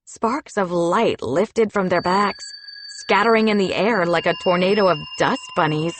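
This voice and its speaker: Woman narrating an audiobook, low-pitched. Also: a little slow, a little hiss or hum. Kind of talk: scripted narration.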